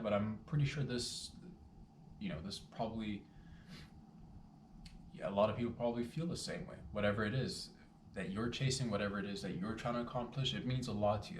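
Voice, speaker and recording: A man's voice: lowish voice, far from the mic. A man talking to his viewers in a reflective, rambling monologue, repeating his phrases and addressing them directly. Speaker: vlogger. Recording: roomy echo, a bit off-mic, faint background hum.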